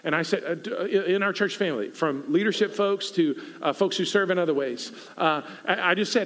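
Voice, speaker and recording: A man preaching a sermon as pastor, in a relaxed conversational way, acting out everyday chats. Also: sits high, fairly quick, hardly any pauses, in a large hall. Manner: conversational, acts out quoted chats.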